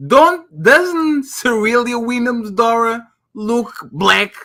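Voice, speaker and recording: A man hosting a casual podcast chat, talking in an animated, incredulous way. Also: extremely high pitch, takes it slowly.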